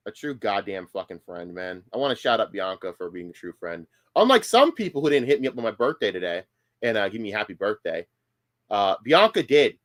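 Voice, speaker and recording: A man streams live from his home setup, reacting with heated, profane outrage. His pitch swings widely between low grumbles and sudden high outbursts. He stammers and restarts his sentences as he works himself up. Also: very animated, fairly quick.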